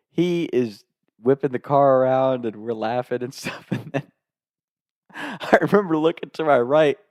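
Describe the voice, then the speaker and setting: A man's voice: medium pitch, a little mellow, no echo, studio quality. A young man telling a casual, comic anecdote, laughing often through his own story and swearing freely.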